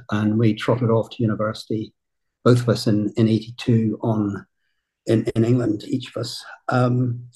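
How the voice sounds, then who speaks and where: Northern irish club owner, slightly husky, thoughtful and measured, says right a lot. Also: male voice, mid-range voice, darkish tone, poor audio. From Northern Ireland. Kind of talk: casual interview chat.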